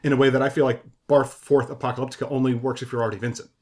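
A man's voice: medium pitch, level tone, rapid-fire, a little mellow. Man thinking aloud on a design podcast. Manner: thinking aloud, frequent restarts and self-corrections. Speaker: podcast co-host, game designer. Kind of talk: casual design discussion.

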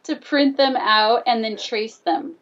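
A woman's voice: a little high, takes it slowly, fairly bright tone, recorded from a distance, lo-fi sound. A woman telling a personal story in casual conversation, animatedly acting out both sides of the dialogue. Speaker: guest telling her story.

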